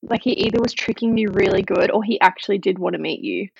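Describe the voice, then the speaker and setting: Gravelly, husky woman on a dull recording. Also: medium pitch, fairly even intonation, fast, a little mellow, no echo. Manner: teasing, reactive, laughs along. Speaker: podcast co-guest. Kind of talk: casual chat.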